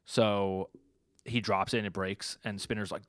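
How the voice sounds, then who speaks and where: A young man with a fairly low voice talks through a comic chapter on a podcast. He rambles loosely and keeps correcting himself. His voice sounds dry and close, with no room sound. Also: fairly even intonation, normal speed, dry recording. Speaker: podcast co-host. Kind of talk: casual chat recapping comics.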